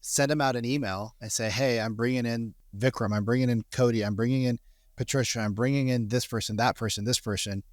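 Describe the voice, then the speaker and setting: A man hosts a podcast in an easy, casual way. His voice sits at a medium pitch and he jumps in eagerly. The recording is close and dry. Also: no room sound. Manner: excitable, quick to laugh and interrupt. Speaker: podcast host. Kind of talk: casual chat.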